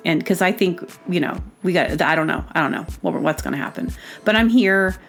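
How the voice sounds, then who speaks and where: A woman's voice: deep voice, brisk, creaky, faint music behind. A woman from Arkansas hosting a podcast, talking in a chatty, rambling way with frequent laughs. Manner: chatty, digressive, laughs often. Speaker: podcast host; baker. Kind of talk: casual rambling monologue.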